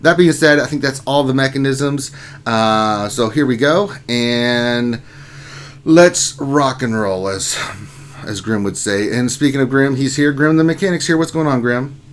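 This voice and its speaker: Casual livestream host greeting chat. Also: male voice, medium pitch, measured pace, slight background noise. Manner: reads chat names aloud and greets viewers.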